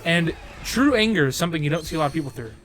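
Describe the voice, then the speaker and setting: A man's voice: fairly high pitch, animated, rapid-fire, a bit bright. A young man co-hosting a casual podcast, rambling and swearing through stories with frequent laughs. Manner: profane, rambling, laughing storyteller. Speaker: podcast co-host.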